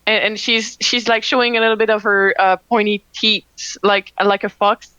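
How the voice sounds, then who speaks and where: A woman narrating as game master of a tabletop game, hesitant and full of fillers, slowing down to describe. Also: medium pitch, level tone, sharp tone, smooth, no room sound, highs cut off. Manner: hesitant with many fillers and restarts, slow when describing.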